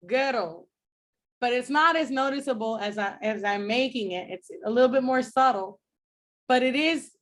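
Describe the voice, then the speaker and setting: Woman professor, slightly higher voice, slow and explanatory, classroom lecture with sounds modeled out loud. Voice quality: explanatory, demonstrates speech sounds slowly. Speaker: phonetics professor. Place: classroom with students.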